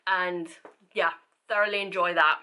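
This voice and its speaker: Woman book vlogger, casual rambling delivery, bright tone. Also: fairly low pitch, steady tone, normal speed, clean tone. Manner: rambling, self-interrupting, laughing often. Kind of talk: casual chat to camera.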